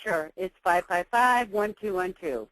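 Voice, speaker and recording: A woman's voice: fairly low pitch, unhurried, fairly bright tone, slight background noise, rough recording. A woman acting as a customer calling about an outage in a role-play, talking hesitantly and stumbling over her words. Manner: hesitant, stammers and asks for repeats.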